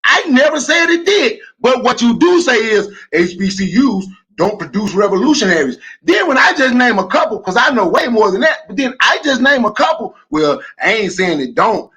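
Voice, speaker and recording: Casting: heated male debater, very high husky voice, keeps hammering questions. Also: big pitch swings, normal speed, hardly any pauses, low-quality recording. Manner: loud, combative, repeats questions. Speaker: podcast co-host.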